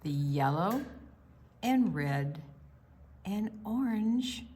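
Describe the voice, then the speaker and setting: A woman reading a picture book aloud to children, gentle and expressive, dropping to soft whispers at times. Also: mid-range voice, very slow, a little hiss or hum. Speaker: storytime reader.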